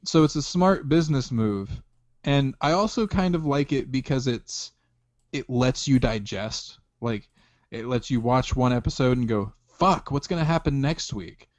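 A man's voice: medium pitch, a little slow, a little mellow, no echo, lo-fi sound. A young man co-hosting a podcast, talking in an easygoing, profane, casual way. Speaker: podcast co-host. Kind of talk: casual chat.

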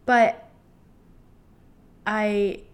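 A woman's voice: medium pitch, flat delivery, drawn-out words, smooth. A woman in her twenties co-hosting a podcast, chatting casually with lots of fillers and frequent laughs. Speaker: podcast co-host. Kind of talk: casual chat.

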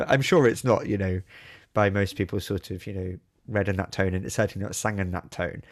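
A man co-hosting a podcast in casual chat, playful and animated, acting out quotes as he talks. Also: lowish voice. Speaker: podcast co-host.

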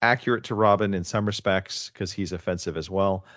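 Low-voiced man hosting a joking podcast. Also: fairly bright tone, no echo, lo-fi sound. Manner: joking, teasing, halting restarts. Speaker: podcast host. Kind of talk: casual podcast chat.

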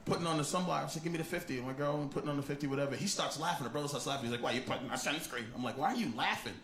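A male stand-up comedian telling a story in an animated way, shouting when he acts out other people. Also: a little high, racing. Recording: echoey club with loud crowd. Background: audience laughter and noise.

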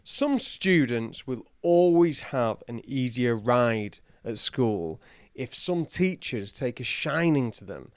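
A man's voice: medium pitch, big pitch swings, slow, smooth, dry recording, studio quality. A man co-hosting a podcast, chatting wryly and laughing at his own jokes. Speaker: podcast co-host. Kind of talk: casual chat.

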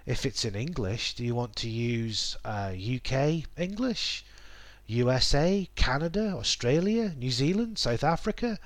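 Male teacher, mid-pitched, measured explanatory delivery, dry close mic. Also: very animated, no echo. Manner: measured, explanatory, lots of ums and restatements. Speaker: English teacher. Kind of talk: explanatory talk on accents.

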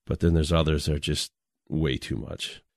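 Deep-voiced laid-back man. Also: steady tone, normal speed, creaky, dry recording, clean studio sound. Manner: laid-back storyteller, chuckles often. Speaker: podcast co-host. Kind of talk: casual podcast chat.

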